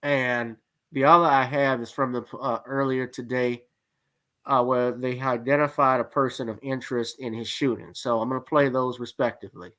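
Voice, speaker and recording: A man's voice: medium pitch, fairly even intonation, normal speed, sharp tone. A man hosting a casual news commentary show, rambling with lots of fillers and restarts at his computer. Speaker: show host.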